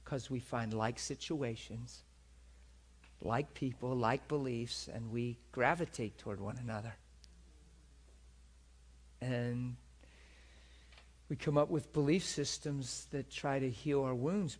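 Husky-voiced man preaching a sermon. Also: medium pitch, slow pace, long pauses. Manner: earnest, asks listeners if they follow. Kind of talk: storytelling sermon.

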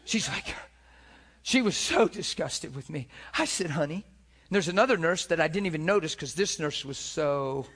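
A man telling a testimony in an excitable, loud and animated way. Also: on the high side, normal speed. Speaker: speaker giving a testimony. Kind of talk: testimony storytelling.

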